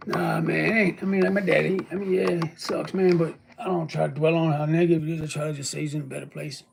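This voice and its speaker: Man, very gravelly voice, a bit high, weary and ill, rambling vlog talk, faint background hiss. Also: flat delivery, fast talker. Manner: loose, rambling and emotional, swearing freely. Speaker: vlogger. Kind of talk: casual vlog talk to viewers.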